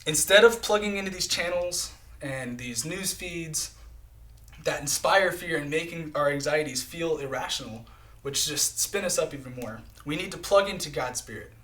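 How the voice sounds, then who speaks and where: A man's voice: a little high, normal speed, fairly bright tone. Earnest conversational male preacher. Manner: earnest, conversational, frequent "right?" and "okay?" check-ins. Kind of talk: sermon. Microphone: live stream.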